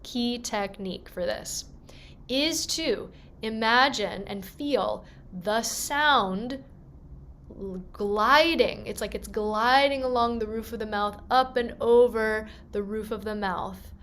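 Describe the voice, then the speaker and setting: A woman voice teacher leading a gentle, encouraging vocal warm-up lesson and demonstrating the sounds herself. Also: on the high side, slow pace, a little hiss or hum.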